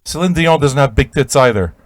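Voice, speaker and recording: A man hosting a radio show, telling an improvised absurd comic story in a rambling, stammering way with sudden shouted outbursts. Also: medium pitch, lively intonation, fairly quick, no room sound.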